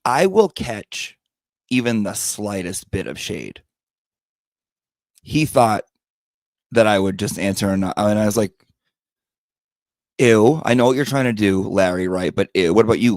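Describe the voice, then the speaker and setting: Sassy, profane low-voiced man. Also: no echo. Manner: sassy, profane, dramatic retelling of quarrels. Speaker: podcast host. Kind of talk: profane storytelling monologue.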